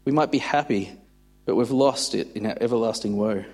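A man's voice: on the low side, brisk, a little mellow, soft background music. Grave, earnest male preacher. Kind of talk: sermon, reading aloud.

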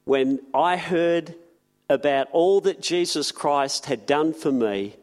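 Male preacher, fairly high voice, earnest sermon delivery with repeated words. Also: a little mellow. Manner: earnest, repeats words, slows on key phrases.

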